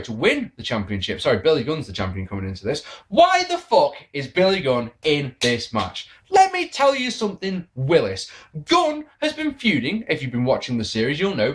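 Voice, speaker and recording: A man reviewing an old wrestling event with sarcastic, swearing, animated rants. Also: medium pitch.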